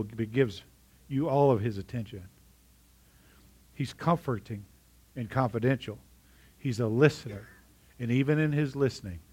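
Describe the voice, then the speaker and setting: A man's voice: medium pitch, a little mellow, breathy edge. A middle-aged man preaching a sermon in a conversational way, often asking his congregation questions. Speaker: pastor.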